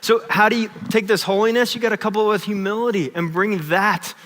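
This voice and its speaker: Man, pastor, bright tense voice, slightly high, casual sermon storytelling, long church reverb. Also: fairly even intonation, fast talker. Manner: conversational, self-deprecating, tags lines with "right?". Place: church sanctuary.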